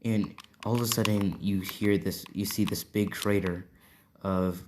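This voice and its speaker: Slow, rambling male storyteller. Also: on the low side, steady tone, darkish tone, slight background noise. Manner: rambling, constantly checking in with "right?". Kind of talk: improvised fan-fiction storytelling.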